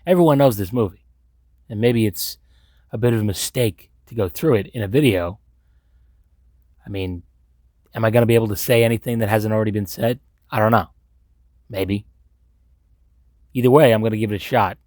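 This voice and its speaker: A man's voice: lowish voice, normal speed, pauses often, a little mellow, dry recording, clean studio sound. A man from Long Island, recapping a movie in a blunt, sarcastic way and swearing freely. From Long Island, New York. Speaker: movie commentator. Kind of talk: profane movie recap commentary.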